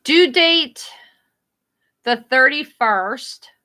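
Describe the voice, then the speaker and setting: Blunt New Jersey woman, bright voice. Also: high-pitched, animated, extremely slow. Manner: rambling, blunt, swears freely. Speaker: livestream host. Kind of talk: casual live-stream chat reading viewer comments.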